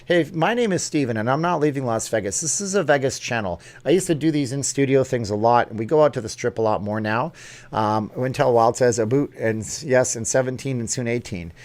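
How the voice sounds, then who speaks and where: A man hosting a casual livestream vlog, chatting in an upbeat way and jumping between topics as he reads viewer comments. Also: mid-range voice. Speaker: YouTube vlog host.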